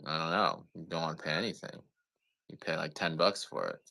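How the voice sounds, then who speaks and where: A man's voice: rumbling low, big pitch swings, brisk, vocal fry, bright, forceful tone. A man chatting casually while selling coffee on a live stream, rambling, joking and swearing now and then. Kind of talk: casual live-sale chat.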